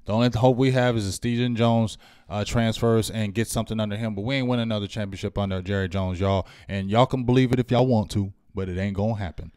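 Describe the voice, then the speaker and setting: A man's voice: on the low side, fairly even intonation, quick pace, darkish tone, clear, resonant tone, no echo, clean studio sound. A man co-hosting a live fan sports show, ranting with preachy fire.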